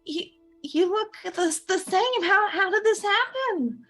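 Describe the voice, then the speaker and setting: A woman's voice: high-pitched, moderate pace, pushed and bright, faint music behind, pitched above the performer's own voice. A woman voicing a young mother who stammers and gushes as she greets her long-lost sister. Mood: flustered. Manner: gushing, flustered, stammering. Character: warm young mother, Levy's older sister.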